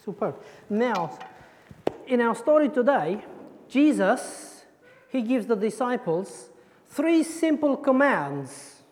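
Brief: woman preacher, playful children's talk, bright-pitched, heard in a reverberant church. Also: big pitch swings, takes it slowly, long pauses, a little hiss or hum. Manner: playful, joking, quizzing the audience. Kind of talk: interactive children's sermon. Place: church hall. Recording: echoey church hall.

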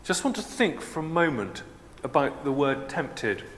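A man preaching a sermon in a measured, explanatory, conversational way. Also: on the high side, very animated, fairly bright tone, slight background noise. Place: church. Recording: long church reverb.

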